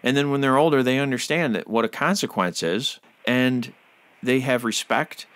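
A man's voice: mid-range voice, normal speed, fairly bright tone, smooth, no echo. A man hosting a podcast interview, who talks in a fervent, preachy way and often uses religious phrases. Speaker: podcast host.

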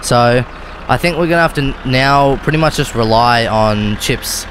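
An Australian man talks through a game in a casual, rambling way, often breaking off to correct himself. His voice sits at an ordinary middle pitch. A clearly audible car engine hum runs under everything he says. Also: normal speed, a bit bright. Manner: rambling, loose and self-correcting. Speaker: gaming video host. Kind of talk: casual gameplay commentary. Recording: car engine noise behind.

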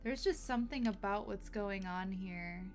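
A woman's voice: medium pitch, normal speed. A woman streaming a game live, thinking aloud with wonder and gasping when startled. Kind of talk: casual live gameplay reaction. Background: game music.

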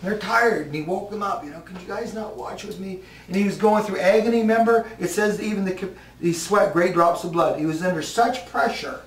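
A man delivers a sermon in a fairly high voice, talking to his congregation like friends and pausing for their answers. The sound is roomy and echoing, picked up from far off in the hall. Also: slight background noise. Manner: conversational, asks the congregation questions. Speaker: preacher.

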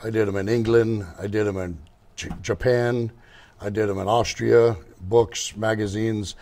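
An older man with a low, gravelly voice talks as a guest in an interview. He tells long stories about running his motorcycle shop, wandering off topic and restarting his sentences. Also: fairly even intonation, measured pace, a little mellow, slight background noise. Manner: rambling, digressive, restarts. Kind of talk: casual storytelling interview.

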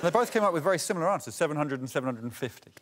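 A man acting as the host's assistant on a comedy show, dry and deadpan as he times tasks. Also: a little high, very fast. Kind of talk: dry voice-over and on-location prompts. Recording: music and studio audience behind.

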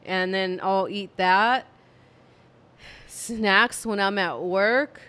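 A woman vlogging at home, talking to camera in a tired, low-energy, monotone way. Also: drawn-out words, clean tone. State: fatigued. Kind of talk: casual talk to camera. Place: home room with candle and cats.

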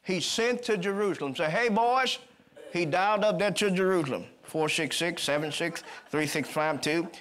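A man preaching a sermon at a church service, calling for amens and slipping into quick conversational storytelling. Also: on the high side, a bit bright. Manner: rising to emphatic call-and-response, then quick conversational storytelling.

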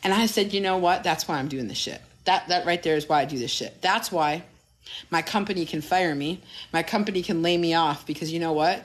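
A middle-aged woman coaching and telling stories on a phone live stream, blunt and profane. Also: low voice. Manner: blunt, profane, animated storyteller. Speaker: health coach. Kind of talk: casual TikTok live chat.

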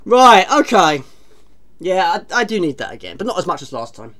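A woman's voice: lowish voice, sing-song, moderate pace, fairly bright tone, a little hiss or hum. A woman streaming a retro game, chatting casually, teasing herself and greeting viewers from chat. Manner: chatty, self-mocking, reads chat aloud.

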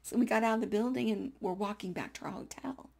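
A woman in her sixties telling a personal faith story in a chatty, animated way, dropping into whispers at hushed moments. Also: mid-range voice, quick pace, gravelly. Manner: chatty with frequent fillers and small laughs.

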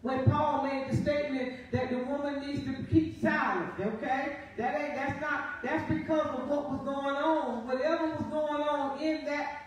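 High-voiced woman pastor preaching in echoey church. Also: recorded from a distance. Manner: preaching, reading scripture aloud and often asking "Amen?". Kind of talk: sermon. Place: church sanctuary. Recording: very echoey live church feed from afar.

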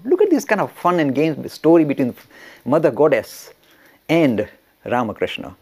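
A man teaching religious history by storytelling, animated and laughing, often restarting his sentences. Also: on the high side, normal speed, breathy edge. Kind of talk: storytelling lecture.

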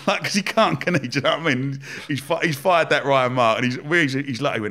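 A young man telling a story in a casual interview, animated and swearing, acting out the people he quotes. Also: medium pitch, fast talker, hardly any pauses. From Romford, England. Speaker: guest entrepreneur.

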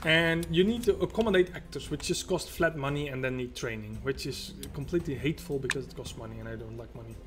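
A man's voice: medium pitch, fast, few pauses. A man casually commenting on his own gameplay as a let's play host, rambling and talking to himself and to the game. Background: loud game music.

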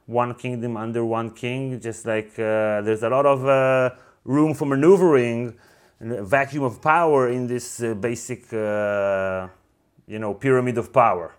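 A man co-hosting a casual book discussion, talking enthusiastically with many fillers and reading passages aloud. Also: mid-range voice.

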